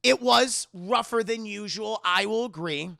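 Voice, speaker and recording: A man voicing a menacing, abusive grown son who threatens and yells. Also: high voice, a little slow, creaky, no room sound, studio quality, pitched above the performer's own voice, exaggerated voice. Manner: threatening, builds to yelling.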